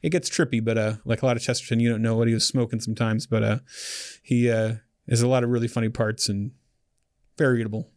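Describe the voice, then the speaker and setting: A man's voice: medium pitch, level tone, quick pace, a little mellow, dry recording. Joking male author, dry sound. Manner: loose and joking, with many restarts. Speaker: author guest. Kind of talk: casual chat.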